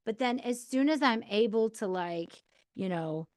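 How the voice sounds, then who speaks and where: A woman's voice: fairly high pitch, expressive, unhurried, dry recording, clean studio sound. A woman in her thirties hosting a podcast, giving candid, chatty advice with lots of fillers. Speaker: podcast host. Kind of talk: casual advice monologue.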